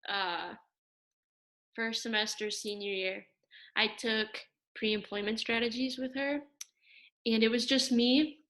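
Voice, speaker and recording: Teen girl, high school senior, casual chat; upbeat, animated storyteller with a fairly high voice. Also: slow pace, long pauses. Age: late teens. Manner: animated storyteller, often raises her voice. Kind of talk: casual chat between classmates.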